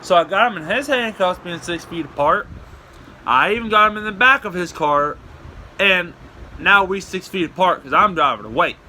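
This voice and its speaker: A man telling a rambling comic story and jumping into loud, high voices for the quotes. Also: expressive, normal speed, slight background noise, low-quality recording. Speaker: comedic storyteller.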